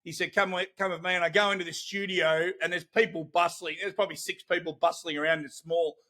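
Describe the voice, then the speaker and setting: A middle-aged Australian man telling stories as a podcast guest, animated, loose and profane. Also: fairly high pitch, quick pace. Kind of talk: casual storytelling.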